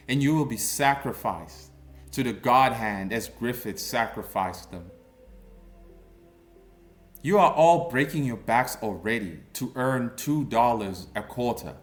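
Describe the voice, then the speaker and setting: A man in his thirties delivers a ranting commentary in a mocking, confrontational way, leaning on slang. He talks at a slow, deliberate pace, with faint music playing behind him. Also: mid-range voice. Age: 30s. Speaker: online commentator.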